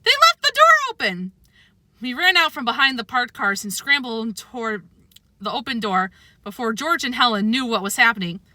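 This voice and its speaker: A woman reading a children's book aloud with expressive, animated storytelling, close to the mic. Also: on the high side, normal speed, dry recording. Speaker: narrator.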